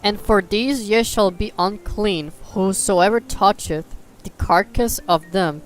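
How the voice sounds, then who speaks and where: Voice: medium pitch, slow. A livestreamer reading scripture aloud in a casual way, tripping over old words and restarting. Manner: breaks off into joking asides.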